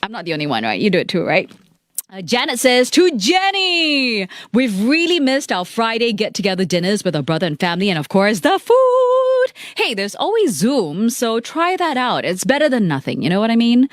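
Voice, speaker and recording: A woman's voice: medium pitch, very animated, a little fast, dry recording, clean studio sound. Bubbly woman radio host. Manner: bubbly, chatty, reads out listener messages. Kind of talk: live radio show chat. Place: radio studio.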